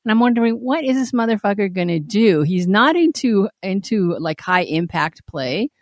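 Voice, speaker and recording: Brief: woman, podcast co-host, candid storyteller, very lively pitch, dry close sound. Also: moderate pace, no room sound. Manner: animated storyteller, swoops up when quoting; laughs often. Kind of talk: candid casual chat.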